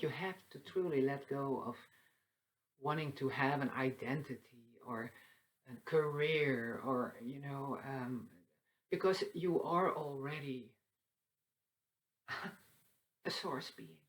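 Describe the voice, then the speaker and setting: A woman hosting a spiritual talk that moves into a guided meditation, speaking softly and meandering, with light laughs. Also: a bass voice, low-quality recording. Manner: soft, slow and meandering, with frequent fillers and light laughs. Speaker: spiritual channel host. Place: seated indoors.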